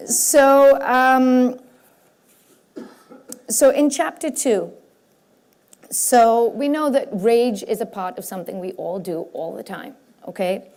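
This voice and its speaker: A woman giving a lively, self-mocking talk from a stage to a live audience at a spiritual conference. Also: on the high side. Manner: animated, self-mocking, breaks into quick voices for examples. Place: stage before a large audience.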